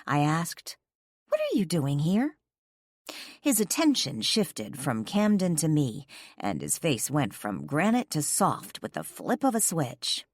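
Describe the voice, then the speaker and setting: A woman narrating a first-person romance audiobook, expressive and sharp-tongued in dialogue. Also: deep voice, no room sound, clean studio sound.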